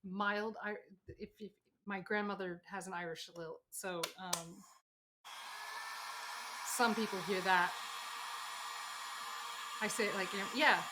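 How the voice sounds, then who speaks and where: An American woman chats casually on a livestream while working on a sewing project, reading viewer comments aloud and answering them in a rambling way. Her mid-range voice is fairly even and slow, with long pauses, over a noisy background.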